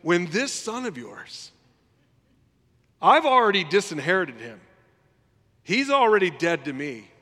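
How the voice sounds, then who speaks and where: A man's voice: high voice, sing-song, fast, fairly bright tone, in a large hall, voice pushed up, exaggerated voice. A man putting on the voice of a resentful, self-pitying older brother, whining and indignant. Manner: whiny, indignant pleading.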